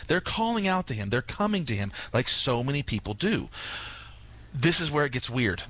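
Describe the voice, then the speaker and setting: A priest talking through a gospel reading on a radio show, animated and storytelling, acting out quoted lines. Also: male voice, medium pitch, moderate pace. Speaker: priest, guest commentator. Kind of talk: radio talk on scripture.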